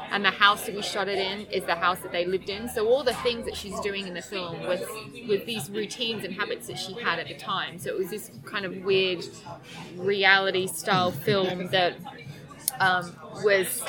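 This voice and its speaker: A woman's voice: mid-range voice, rough recording. A woman from England with a mild Australian accent, a documentary filmmaker chatting casually in an interview and laughing easily. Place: busy film festival venue. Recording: crowd chatter behind.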